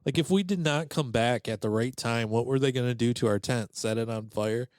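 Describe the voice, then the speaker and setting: A man's voice: mid-range voice, fairly quick, no room sound. A man casually telling a story on a podcast, acting out the voices of the people in it. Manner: animated, acts out quoted voices. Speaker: podcast host.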